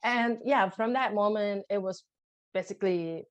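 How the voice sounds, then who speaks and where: Woman telling a raw, halting story. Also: medium pitch, highs cut off. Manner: emotional, halting storytelling with restarts. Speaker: podcast guest. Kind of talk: personal birth story in conversation.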